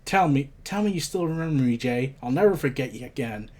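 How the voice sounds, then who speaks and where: A man reading the lines of an earnest young speedster hero from a comic book, quickly and plainly. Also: medium pitch, animated, a little mellow, close to an everyday voice.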